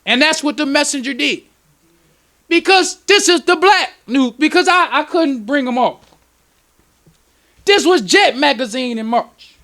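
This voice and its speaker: A male minister with a very high voice preaches a lecture at a temple. He is excitable and emotional, breaking into sudden shouts.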